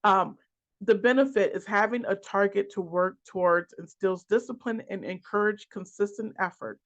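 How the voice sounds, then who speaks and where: A financial coach giving a class lecture, working through a list of points in a halting way with restarts and repeated words. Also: mid-range voice, fairly bright tone. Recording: dull lo-fi recording.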